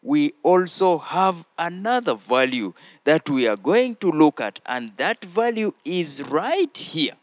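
A man hosting a children's church show, teaching slowly and prompting the children to repeat phrases after him. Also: fairly high pitch, very animated, no room sound. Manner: slow, deliberate, prompting listeners to repeat phrases. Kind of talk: teaching children with call-and-response.

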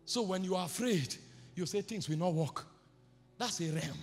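High voiced preacher guy yelling his sermon, big reverby hall, some music under it. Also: normal speed. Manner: fervent, shouting preacher with repeated declarations. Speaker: apostle preaching.

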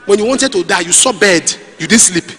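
A middle-aged Nigerian man preaching a sermon, animated and storytelling, with pidgin asides. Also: high voice, a little fast, in a large hall, faint music behind. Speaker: pastor.

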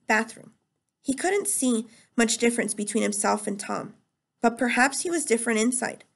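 A woman teacher reads a novel chapter aloud at a steady storytelling pace. Her voice sits somewhat high with a noticeable gravelly fry.

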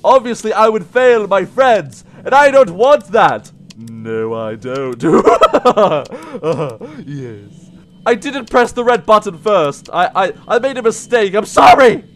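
A shrill, frantic puppet. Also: male voice, sing-song, slow pace, full character voice. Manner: shrieking and yelling, then sudden mumbles. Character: shrill frantic male puppet, jumpy and easily rattled. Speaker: let's play commentator. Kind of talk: in-character game commentary.

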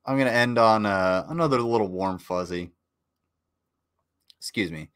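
Tired guy with a low deep voice rambling on a stream, jokey and sweary. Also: normal speed, fairly bright tone, clean tone. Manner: joking, profane, rambling. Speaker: streamer reviewing war footage. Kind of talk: casual livestream commentary.

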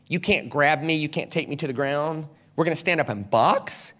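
A man from South Carolina, a guest preacher telling stories in an animated, dramatic sermon at a church service. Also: a little high, fairly quick, few pauses. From South Carolina, USA. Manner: animated, dramatic, acts out quotes. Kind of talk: storytelling sermon. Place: church service, large hall.

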